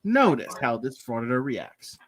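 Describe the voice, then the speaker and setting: A man's voice: medium pitch, big pitch swings, normal speed, very noisy. A man hosting a video reaction show, giving scornful, sarcastic commentary.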